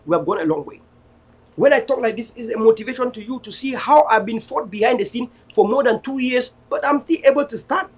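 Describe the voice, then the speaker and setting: This online TV host from Cameroon has a very high-pitched voice with a breathy edge. He delivers a fiery, defiant political speech that often slides into preaching, repeating rallying lines again and again.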